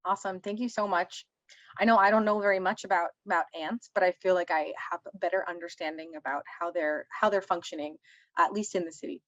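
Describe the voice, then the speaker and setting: Woman host with a lowish voice, relaxed and thoughtful, dry close sound. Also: fairly quick, no echo, muffled recording. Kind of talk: casual moderating of a talk series.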